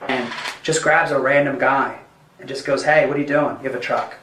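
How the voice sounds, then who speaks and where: A comedy club owner tells a rambling story with growing excitement. His voice has a middle pitch. An echoey room gives it some space. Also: brisk, slight background noise. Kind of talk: storytelling in an interview. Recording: roomy echo.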